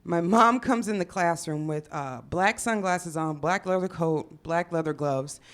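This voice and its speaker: A young woman from Chicago telling a funny story on stage, profane and animated, acting out the people she quotes. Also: fairly low pitch, unhurried. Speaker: storyteller comedian. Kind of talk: live comedic storytelling.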